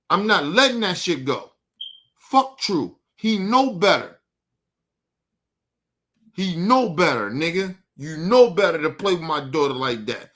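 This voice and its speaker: Male host, furious streamed rant, swears constantly, calls out his target head-on, slightly raised pitch. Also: bright, forceful tone. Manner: angry, profane and repetitive; confrontational, addresses his target directly. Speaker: show host. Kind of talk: heated monologue to the audience.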